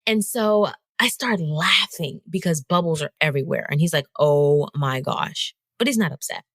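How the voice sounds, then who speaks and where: A woman hosting a solo podcast, telling a story in an animated, conversational way and talking straight to her listeners. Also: fairly low pitch, brisk, slightly rough, no room sound. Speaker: podcast host.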